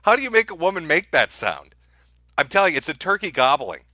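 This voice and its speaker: A man's voice: fairly high pitch, big pitch swings, fairly quick, heavy background noise. A man streaming, mocking the clips he plays with sarcastic commentary.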